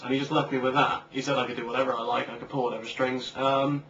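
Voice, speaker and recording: A man's voice: mid-range voice, little pitch movement, fast talker, a bit bright. Rambling young man, distant lo-fi mic. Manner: rambling, joking, many fillers. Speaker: co-host, comic creator. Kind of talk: casual chat. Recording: distant lo-fi mic with faint hiss.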